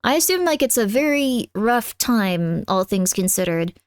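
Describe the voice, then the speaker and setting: A high-pitched woman streamer chatting live from her room at home. She rambles in a loose, friendly way, drops "like" into most sentences and breaks into sharp yelps at her cat. The sound is close and dry, with no room echo. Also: big pitch swings, a little slow, clear, resonant tone. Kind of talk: casual live-stream chat.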